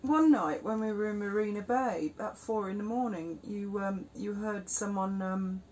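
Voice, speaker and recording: A woman, chiming in agreeably and gossiping in a relaxed conversation. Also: mid-range voice, moderate pace. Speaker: co-host. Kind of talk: casual chat.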